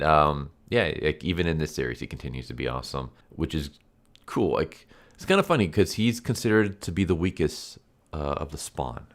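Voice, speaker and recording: A congested man with a sore throat, giving a rambling, easygoing comic book review on his channel. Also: very deep voice.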